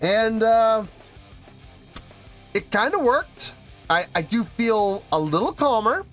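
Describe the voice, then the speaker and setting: Male reaction host, slow and swooping delivery, theatrical outrage, faint music underneath. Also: high voice. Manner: animated mock outrage, drawn-out emphasis. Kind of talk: casual reaction vlog.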